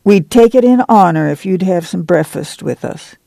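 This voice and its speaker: A woman's voice: on the low side, lively intonation, moderate pace, vocal fry, dark tone, no echo. Weary, guarded migrant mother, read by a man, plain rural speech, storybook reading, dry close sound. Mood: warming. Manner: folksy rural dialect speech.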